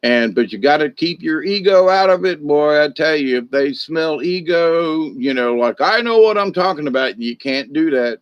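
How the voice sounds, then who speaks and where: A man's voice: on the high side, normal speed, few pauses, clear, resonant tone, dry recording, highs cut off. A middle-aged man, hosting a casual spiritual talk in a rambling, folksy way that repeats itself. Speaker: spiritual discussion host.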